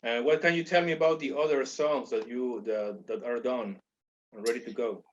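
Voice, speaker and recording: A man's voice: medium pitch, steady tone, moderate pace, highs cut off, slight background noise. A man hosting an interview, asking short casual questions. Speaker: interviewer, host.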